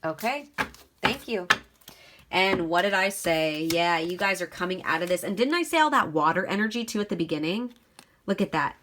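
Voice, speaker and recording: A woman's voice: lowish voice, expressive, normal speed, background noise. A woman giving a casual tarot reading, talking straight to her viewers in a chatty, reassuring way. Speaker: tarot reader.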